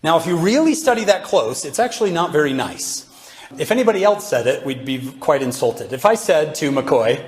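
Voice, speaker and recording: A man's voice: fairly high pitch, a little fast. Joking male speaker in an echoey hall. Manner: joking, animated, quizzes the audience with questions. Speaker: religious speaker. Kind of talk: humorous devotional talk to a live audience. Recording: echoey hall with faint background noise.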